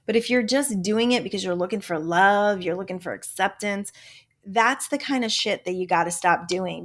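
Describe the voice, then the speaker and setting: A woman's voice: on the low side, fairly bright tone. Emphatic older woman, motivational host. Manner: emphatic, blunt, swears casually; jokingly slips into a Southern drawl. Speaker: podcast host. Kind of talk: motivational self-help talk.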